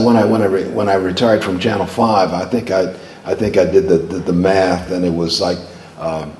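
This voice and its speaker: An older man, a veteran TV journalist appearing as a guest speaker, tells stories to a live audience in a hall, chatting easily and often repeating words as he begins a thought. His voice sits low with a darkish tone, and the room is echoey with faint noise.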